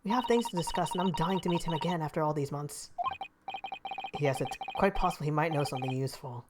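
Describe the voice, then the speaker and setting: A woman's voice: low-pitched, fast, heavy background noise, close to an everyday voice. A woman voicing a polite, earnest young male lawyer in her own voice.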